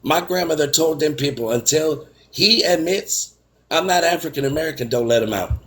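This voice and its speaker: A man in his forties telling a personal story in casual chat, animated and acting out what others said. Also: normal speed. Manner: animated, acts out quotes with raised pitch.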